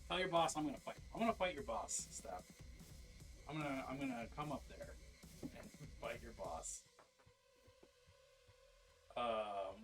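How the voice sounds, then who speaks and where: A man's voice: mid-range voice, expressive, measured pace, pauses often, fairly bright tone, soft background music. A man chatting casually on a live stream while painting miniatures, rambling, interrupting himself and swearing freely.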